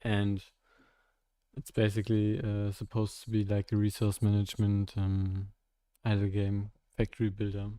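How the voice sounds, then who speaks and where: A young man streaming while coding, chatting casually with his viewers and thinking aloud in a halting way with frequent laughs. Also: fairly low pitch, completely flat delivery, warm tone, clean tone, no room sound, studio quality.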